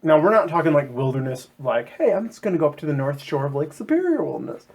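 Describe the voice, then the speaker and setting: A man chatting casually on a podcast about scripture, his fairly high voice swooping up and down as he jokes. He keeps slipping into quick silly voices to act out what people say. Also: vocal fry. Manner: animated, jokey, acts out quotes in silly voices. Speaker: podcast co-host.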